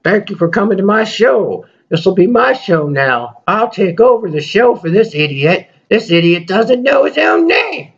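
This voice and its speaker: A man's voice: sing-song, moderate pace, hardly any pauses, husky, dull audio, full character voice. A man voicing a rude little male toy puppet that mocks and insults its owner. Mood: mocking. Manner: taunting, shrill insults.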